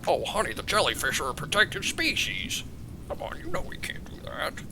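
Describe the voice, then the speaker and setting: A man's voice: fairly high pitch, huge pitch swings, normal speed, creaky, background noise, exaggerated voice. A man voicing a doting, folksy king who is father to the princesses. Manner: loud, affectionate, folksy.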